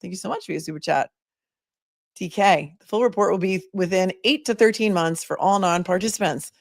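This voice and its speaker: A woman's voice: on the low side, a little fast, vocal fry, dry recording, studio quality. A woman attorney hosting a casual livestream, chatting with viewers and thinking aloud with many asides. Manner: reads viewer messages aloud. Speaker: attorney and commentator.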